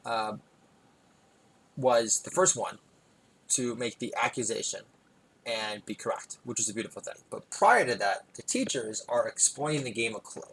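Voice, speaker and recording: A man rambles through a comic monologue as podcast host. He is self-deprecating and digressive and keeps breaking into loud, emphatic bursts. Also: medium pitch, lively intonation, normal speed, husky, poor audio.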